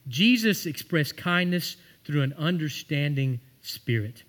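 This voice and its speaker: A man preaching a sermon, weaving everyday stories into his message. His voice sits high and rings bright and forceful. He climbs to emphatic peaks when he quotes scripture. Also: lively intonation, unhurried. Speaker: pastor.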